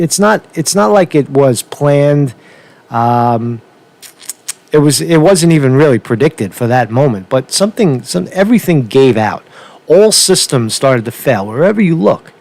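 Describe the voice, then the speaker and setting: A man's voice: mid-range voice, a little mellow. A man giving a casual, rambling opinion rant as a political vlogger, swearing often and restarting his sentences. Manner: rambling, profane, with many restarts.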